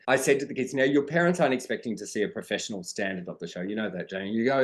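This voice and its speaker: A man's voice: lowish voice, fast, few pauses. Earnest Australian man telling stories. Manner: earnest storytelling, acting out quoted dialogue. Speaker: guest, drag performer and dance teacher. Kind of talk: conversational podcast interview.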